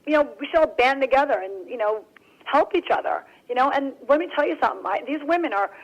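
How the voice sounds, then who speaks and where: Bubbly guest woman, slightly high voice. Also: animated, fast, highs cut off. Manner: bubbly, rambling, with many fillers. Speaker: author and guest. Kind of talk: casual radio interview chat.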